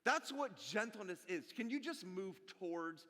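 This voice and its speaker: Lively, bright-voiced man preaching in a hall. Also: high voice, normal speed. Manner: animated, jokey, talks straight to the congregation. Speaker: pastor. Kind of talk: sermon. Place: church sanctuary. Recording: long hall reverb.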